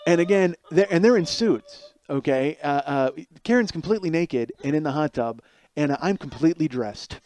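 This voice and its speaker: A man in his forties, hosting a podcast, telling a comic story in a rambling, animated way with many restarts and acted-out quotes. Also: fairly high pitch, normal speed, a little hiss or hum. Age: 40s. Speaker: podcast host. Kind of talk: comedic storytelling monologue. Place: home kitchen.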